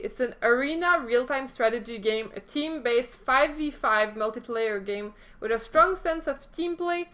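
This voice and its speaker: A woman's voice: a little high, normal speed, hardly any pauses, highs cut off. A woman hosting a casual esports news vlog, chatty and self-deprecating, stumbling now and then as she reads.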